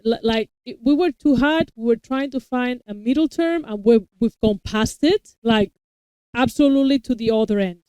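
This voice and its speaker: Smooth-voiced woman chatting at length. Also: a little high, moderate pace, darkish tone, no room sound, poor audio. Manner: long talkative explanations with frequent restarts. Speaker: co-host reacting to a TV episode; parent of young children. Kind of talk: casual chat.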